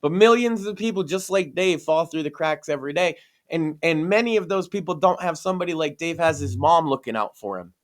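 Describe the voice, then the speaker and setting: A man's voice: a little high, brisk. A man in a casual podcast discussion, talking earnestly and emphatically and swearing freely.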